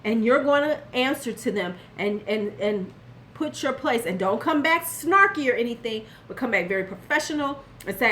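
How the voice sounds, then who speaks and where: A woman's voice: fairly high pitch, moderate pace, a bit bright, slight background noise. An older woman vlogging casually about beauty, giving blunt, sassy advice straight to the viewer and answering chat now and then. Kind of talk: casual commentary vlog.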